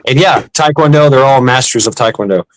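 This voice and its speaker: A former Marine chatting casually, telling a story with lots of fillers and restarts. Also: male voice, medium pitch, rough recording. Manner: halting, many restarts and "uh" fillers. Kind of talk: casual chat, telling war stories.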